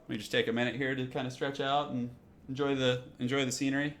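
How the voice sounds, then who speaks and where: A young man casually chatting through a live gaming stream, reading out viewer messages in a relaxed, rambling way at a desk microphone. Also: medium pitch, fast talker, a little hiss or hum. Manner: relaxed, chatty, reads chat aloud.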